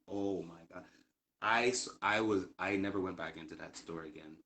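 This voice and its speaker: Earnest, low-voiced Canadian man. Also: moderate pace, bright, forceful tone. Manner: earnest storyteller with many fillers and restarts, building to indignant emphasis. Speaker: guest. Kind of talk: casual chat.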